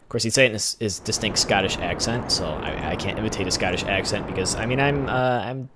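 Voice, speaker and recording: A man's voice: on the low side, fast talker, very noisy. A young man hosting a gaming channel, rambling through chatty let's play commentary and filling the silence with asides. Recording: game music playing underneath.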